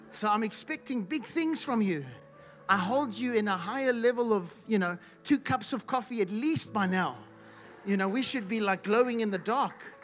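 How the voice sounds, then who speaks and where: Impassioned preacher calling out to the congregation. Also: medium pitch. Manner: rhetorical questions, calls for audience response; rises to loud shouts when acting out the blind man's cries. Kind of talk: sermon. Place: church hall with live congregation.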